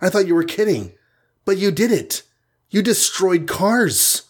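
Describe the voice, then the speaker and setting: A man doing a hot-headed young archer hero, raised high. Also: moderate pace, natural voice. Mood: excited. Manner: excitable, shouting.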